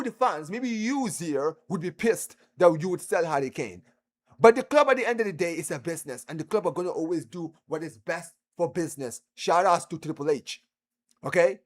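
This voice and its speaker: A man hosting a live football stream, heckling and trash-talking viewers in chat. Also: sits high.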